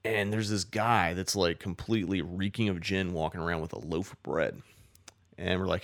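A man with a deep, gravelly voice spins a long casual story. His talk rambles and is full of "like" and swearing, easygoing and unscripted. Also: moderate pace, fairly bright tone. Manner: rambling, profane, many "like" fillers.

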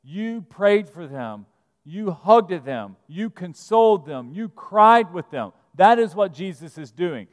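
A man preaching a sermon as pastor, reading scripture and explaining it, swinging between hushed asides and emphatic lines. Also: high voice, big pitch swings, takes it slowly, in a large hall. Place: church sanctuary.

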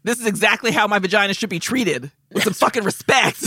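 A woman in her forties co-hosts a podcast, telling a casual comedic story full of profanity and acting out other people's lines. Her mid-range voice is expressive, brisk, sharp in tone and slightly rough, captured in a dry, studio-quality recording.

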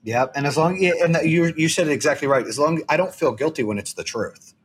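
A man's voice: fairly high pitch, fast talker, slight background noise. A man hosting a podcast, chatting casually and earnestly, rambling with frequent restarts. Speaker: podcast host. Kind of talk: casual interview chat.

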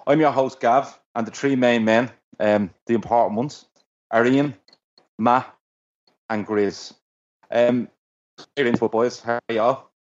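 A man's voice: medium pitch, steady tone, a little slow, long pauses. A man hosting a casual football podcast, loose and joking, with the odd swear, on a dull lo-fi recording. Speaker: podcast host.

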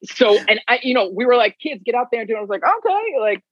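A man with a husky, slightly breathy voice tells stories casually and acts out other people's lines with energy. The sound is dry and close, in a dull, slightly muffled recording. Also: high-pitched, fairly even intonation, very fast, a bit bright, dry recording. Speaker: guest. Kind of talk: casual storytelling.

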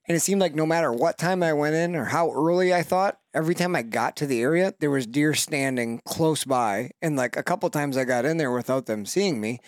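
A man co-hosting a hunting podcast, telling a story in steady, matter-of-fact casual chat. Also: a little high, brisk, few pauses, no echo, studio quality. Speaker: podcast co-host.

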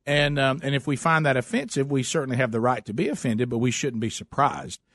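A man's voice: medium pitch, fairly quick, fairly bright tone, no echo. Emphatic male talk host, dry mic. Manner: emphatic, repeats words when starting a thought. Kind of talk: political talk commentary.

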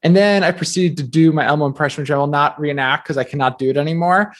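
A New Jersey man in his thirties, his voice fairly high, chats casually as a guest author in an interview. He talks quickly, leans heavily on filler words, and likes to poke fun at himself.

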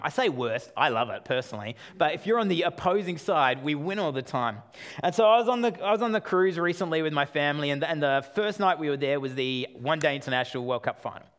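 An Australian man in his thirties preaching a sermon with self-deprecating humor, swinging between loud and quiet delivery. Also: on the high side. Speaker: pastor.

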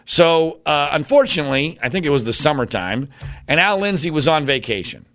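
A man's voice: fairly high pitch, expressive, fairly quick, fairly bright tone, no room sound, studio quality. A man giving an emphatic, combative monologue with blunt opinions. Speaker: commentator.

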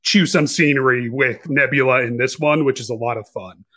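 A man's voice: medium pitch, moderate pace, fairly bright tone. A man co-hosting a podcast, chatting casually about a film with lots of restarts and self-corrections. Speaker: podcast co-host. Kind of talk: casual podcast review chat.

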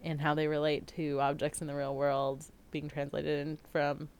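A woman co-hosting a casual chat, playful and quick to laugh, trailing off into "like" and sound effects. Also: low-pitched, completely flat delivery, a little mellow, smooth. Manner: playful, giggly, scats sounds. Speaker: co-host. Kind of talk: casual chat about art.

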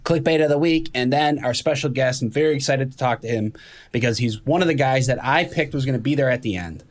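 A man's voice: medium pitch, fast talker. A man hosting a podcast in casual chat, upbeat and joking, and a little sheepish at times. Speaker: podcast host.

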